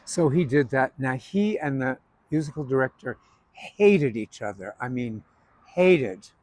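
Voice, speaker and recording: A man's voice: mid-range voice, expressive, moderate pace. A man hosting a casual chat, sharing stories and acting out what others said. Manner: chatty, acts out quotes in his stories. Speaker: host.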